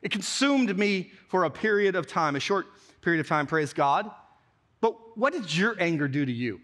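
A middle-aged male pastor from Alaska telling a story in a sermon, animated and acting out his quotes. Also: sits high, normal speed. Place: church.

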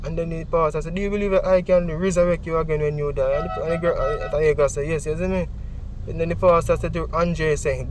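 A young man with a strong Jamaican accent, recounting events in an interview with lively acted-out speech. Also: on the high side, fast, a little hiss or hum. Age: young adult. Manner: animated, heavy Jamaican Patois, acts out quoted speech.

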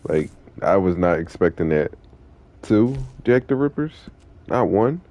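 A man's voice: low-pitched, lively intonation, a little slow, darkish tone, no room sound. A young man streaming an online game, chatting with viewers in a laid-back, slangy, profane way. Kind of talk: casual live-stream chat.

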